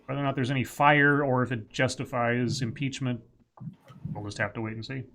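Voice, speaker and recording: A man's voice: mid-range voice, steady tone, brisk, a bit bright. A man co-hosting a casual political talk stream, rambling and restarting as he reads and comments on the news.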